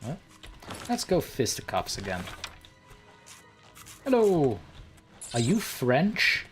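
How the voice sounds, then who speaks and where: A man's voice: medium pitch, wildly swooping pitch, takes it slowly, soft background music. A man streaming a game live, chatting playfully and theatrically with his viewers and the characters on screen. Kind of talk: live let's-play commentary.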